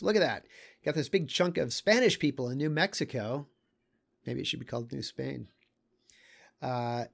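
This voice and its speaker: A man walks through a set of maps in a loose, unscripted lecture. He thinks out loud, stops and restarts, and fills his pauses with small asides. His pitch sits in the middle range. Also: vocal fry. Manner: thinks aloud, halting, with many fillers and small asides. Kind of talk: casual lecture commenting on maps.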